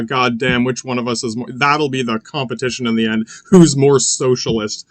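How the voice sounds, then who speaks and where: A man's voice: medium pitch, a bit bright, no echo. A man hosting a podcast, rambling through political commentary in a profane, sardonic way, full of "yeah, yeah" fillers and restarts. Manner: sardonic, mocking. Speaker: podcast host.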